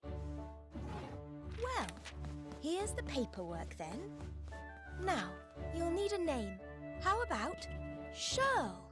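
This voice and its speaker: A woman's voice: extremely high pitch, huge pitch swings, very slow, long pauses, heavily acted. A chirpy young woman detective. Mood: cheerful. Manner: chirpy, teasing. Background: game music.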